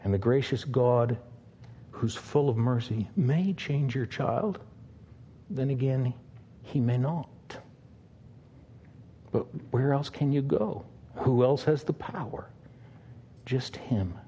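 An older man, a pastor, preaching an earnest sermon with long pauses and a pleading tone. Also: medium pitch, mellow, highs cut off, a little hiss or hum.

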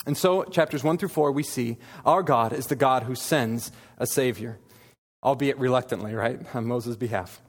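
A man's voice: mid-range voice, normal speed. Man preaching in a reverberant hall. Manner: earnest expository preaching, reads scripture aloud. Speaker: pastor. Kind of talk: sermon.

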